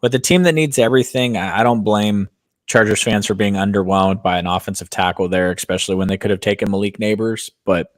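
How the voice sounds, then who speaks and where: A man's voice: lowish voice, a little fast, no echo. A man co-hosting a podcast, giving opinionated takes on football in casual chat, with hedges and fillers. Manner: opinionated, hedging, frequent fillers. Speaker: podcast co-host.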